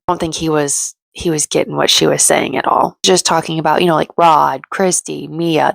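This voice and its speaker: Chatty woman with a vocal-fry edge. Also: lowish voice, dry recording. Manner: chatty and opinionated, acts out quotes. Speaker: reality TV recap host. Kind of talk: casual commentary recap.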